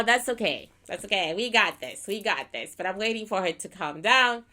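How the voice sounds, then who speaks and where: A woman's voice: medium pitch, animated, moderate pace, bright, forceful tone. A woman giving a casual spiritual reading to camera, talking bluntly and irreverently with laughing asides. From Canada. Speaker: psychic reader.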